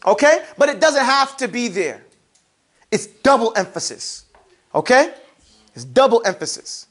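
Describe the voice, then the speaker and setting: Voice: medium pitch, sing-song, unhurried, a bit bright. A teacher giving a classroom grammar lesson, drilling students with playful call-and-response questions. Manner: playful, teasing.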